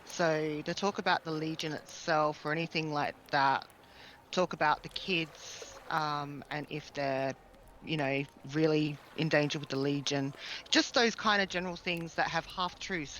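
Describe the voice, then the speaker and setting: Man, tabletop player, bright voice, thoughtful, rambling. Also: on the high side, fairly even intonation, a little slow, slight background noise, poor audio. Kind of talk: casual tabletop gameplay talk.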